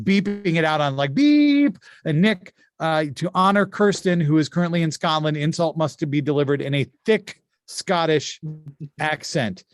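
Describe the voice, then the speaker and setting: High-voiced man hosting a comedy game. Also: no room sound, clean studio sound. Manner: chatty, quick asides, frequent laughs. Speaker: game show host. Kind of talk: casual improv game hosting. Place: at home.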